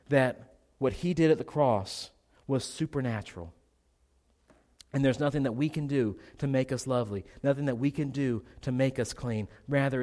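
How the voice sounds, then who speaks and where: With a mid-range, slightly mellow voice and a touch of lingering congestion, a pastor gives an earnest sermon full of repeated phrases and rhetorical questions.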